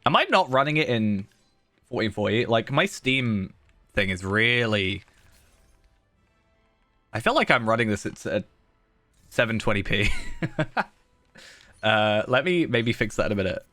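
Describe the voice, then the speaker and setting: A southern British man in casual live-stream chat, rambling along and chuckling at himself as he answers viewers. His voice sits a little low but comes across bright and forward. The sound is dry and close, with faint music behind him. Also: animated, unhurried, long pauses, no echo. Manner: rambling, chuckling often, self-deprecating. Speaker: game streamer.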